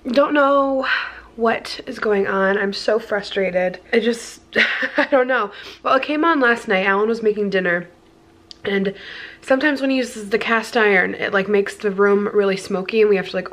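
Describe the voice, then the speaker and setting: A woman's voice: medium pitch, fairly bright tone. A woman with a congested head cold, rambling in a casual home vlog, filling her talk with "like.". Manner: rambling, full of "like" fillers. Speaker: vlogger.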